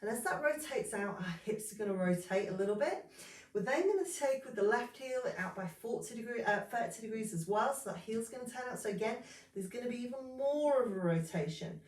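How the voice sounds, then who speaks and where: Woman, yoga instructor, calm step-by-step cues, roomy echo, distant mic. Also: fairly high pitch, brisk. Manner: calm step-by-step cueing, breath counts, light humor.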